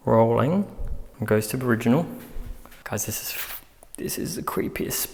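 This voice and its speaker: A man's voice: medium pitch, gravelly. A man on a ghost-hunting vlog, speaking straight to viewers and calling out to spirits inside an old prison. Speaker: paranormal investigator. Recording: echoey hall with long reverb.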